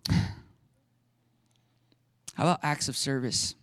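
A man preaching a lively sermon as a pastor, acting out little scenes and laughing now and then. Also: medium pitch, slow pace, smooth, no room sound. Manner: animated, acts out little voices and laughs often.

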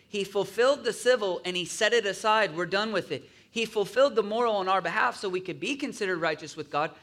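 A pastor with a high, fairly bright voice preaches a sermon conversationally. He often asks listeners to agree with him and acts out grumbling voices in asides.

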